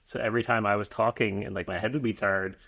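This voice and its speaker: A man co-hosting a podcast in relaxed, casual chat, halting and full of likes and restarts. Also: lowish voice, vocal fry. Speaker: podcast co-host.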